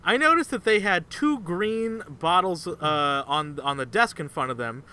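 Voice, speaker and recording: Brief: bright, high male co-host, animated storyteller who keeps laughing, casual comedy chat. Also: a little slow, a little hiss or hum. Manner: animated storytelling, acting out quotes, laughing often. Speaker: podcast co-host.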